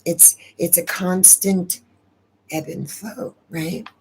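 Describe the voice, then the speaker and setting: A woman's voice: fairly low pitch, slow pace, darkish tone, slight background noise. A woman hosting a casual live stream, talking in a rambling, emotional way and repeating words as she goes. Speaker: astrology channel host.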